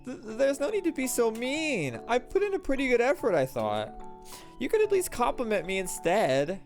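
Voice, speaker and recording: A man's voice: very high-pitched, wildly swooping pitch, normal speed, soft background music, voice pushed up, exaggerated voice. A man voicing an earnest young foreign woman who stammers and pleads when flustered.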